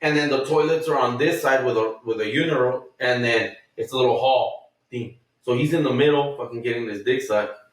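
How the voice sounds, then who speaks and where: A man chatting on a podcast, spinning a crude, rambling story and playing out what other people said. His voice sits at an ordinary pitch for a man. It sounds far from the mic, with heavy room echo. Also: fairly quick. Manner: profane, rambling storyteller who acts out quotes. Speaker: podcast co-host. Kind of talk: casual storytelling chat.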